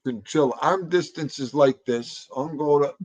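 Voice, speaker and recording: A man's voice: on the high side, moderate pace, darkish tone, poor audio. A man hosting a casual livestream podcast, rambling and joking with crude, profane banter.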